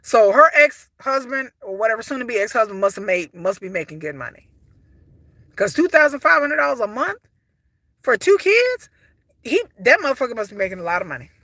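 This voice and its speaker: Woman w aave, high bright voice, blunt n exasperated, dry close sound. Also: very animated, fairly quick, no room sound. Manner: blunt, exasperated, swears freely. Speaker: reality TV reviewer. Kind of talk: casual commentary.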